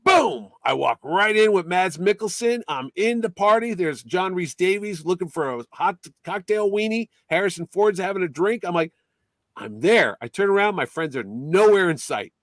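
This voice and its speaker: A man from Connecticut hosting a casual chat, telling a story in a lively way and acting out the voices of others. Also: high voice, moderate pace, hardly any pauses, no echo. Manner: animated, acts out quotes in put-on voices. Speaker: podcast host.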